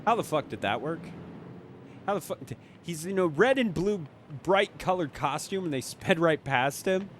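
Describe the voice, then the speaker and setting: A young man giving casual movie commentary, excitable and sarcastic, swearing often. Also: fairly high pitch, normal speed, a little hiss or hum. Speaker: movie reviewer.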